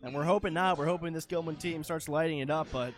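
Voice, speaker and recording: Joking color commentator guy at a baseball game, kinda high voice, playful, faint music behind. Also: fast.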